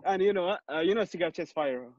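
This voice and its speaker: A man from Kuwait, a podcast guest chatting casually over a video call, relaxed and quick to laugh, his English slightly halting. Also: sits high, no room sound. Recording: dull dry lo-fi call audio.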